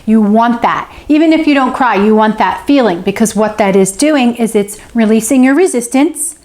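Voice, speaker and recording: Woman, fairly high voice, self-help host, encouraging, repeats phrases, checks in with the viewer. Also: animated, moderate pace, a little mellow. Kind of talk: teaching to camera, answering a viewer.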